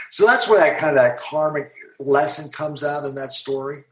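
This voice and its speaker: A man's voice: a little high, moderate pace. Man telling a hypnosis story in a roomy echo. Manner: recounting a session, acting out both sides of the dialogue. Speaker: guest, hypnotherapist author. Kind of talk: storytelling in a podcast interview.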